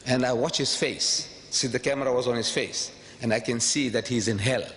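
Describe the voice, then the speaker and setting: A man giving a public lecture to an audience, emphatic and rhetorical, repeating phrases and swinging from quiet asides to sudden high outbursts. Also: steady tone, a little fast. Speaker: public speaker. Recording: long hall reverb, faint background noise.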